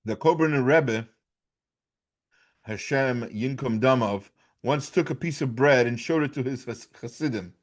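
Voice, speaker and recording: A man's voice: medium pitch, a little slow. An American man giving an informal Torah class, talking conversationally with frequent restarts and "right?" checks. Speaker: class teacher.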